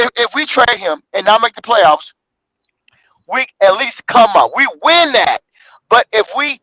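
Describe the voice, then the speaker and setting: A man's voice: very high-pitched, pushed and bright, no room sound, low-quality recording. A man in casual sports talk, emphatic and repeating himself, tagging lines with "man".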